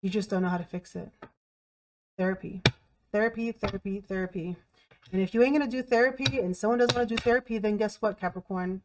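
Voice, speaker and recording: A woman's voice: medium pitch, quick pace, noisy background. A woman giving a tarot reading to camera in a blunt, emphatic way, repeating herself and swearing freely. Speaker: tarot reader.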